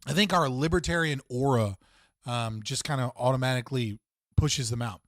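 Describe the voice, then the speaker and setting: A man's voice: mid-range voice, normal speed, a bit bright, no echo, clean studio sound. A young man hosting a casual livestream, rambling and swearing, often restarting sentences and laughing. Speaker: livestream host.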